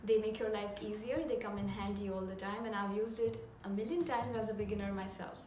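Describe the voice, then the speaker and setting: A woman teaching beginner French, upbeat and slowing down to model each pronunciation. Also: mid-range voice, fairly even intonation, a little mellow, far from the mic. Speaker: language teacher. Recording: roomy echo, off-mic, audible room noise.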